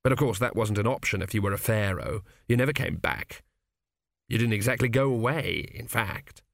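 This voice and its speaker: A man reading a comic fantasy novel aloud as an audiobook, with measured storytelling and light voices for the characters. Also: fairly low pitch, gravelly, a bit bright, no room sound, studio quality. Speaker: audiobook narrator. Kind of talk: scripted audiobook narration.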